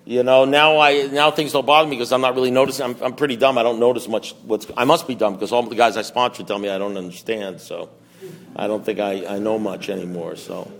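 A man's voice: medium pitch, steady tone, fairly quick, creaky. A middle-aged man telling a self-mocking story at a support meeting, rambling with restarts and asides to the audience. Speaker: recovery meeting speaker.

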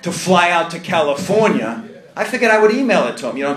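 A man telling his own story to a live audience at a recovery meeting, animated and self-mocking, acting out other people's voices as he goes. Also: sits high, fast talker, a crowd in the background. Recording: echoey room.

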